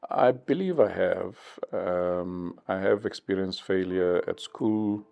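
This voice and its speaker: A man in his fifties from South Africa, giving measured, thoughtful interview answers with many pauses. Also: low-pitched, creaky, dull audio. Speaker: interview guest.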